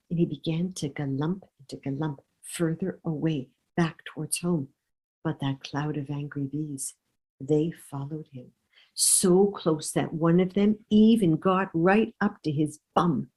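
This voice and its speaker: A woman storyteller narrating a children's story with an expressive, drawn-out delivery. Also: low voice, slightly rough, low-quality recording.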